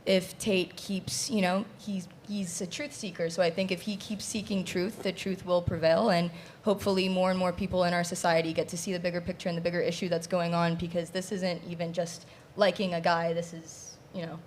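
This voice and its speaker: A woman on a podcast panel speaking earnestly, filling pauses with "you know". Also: fairly low pitch, little pitch movement, a little hiss or hum. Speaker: panel guest. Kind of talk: casual panel discussion.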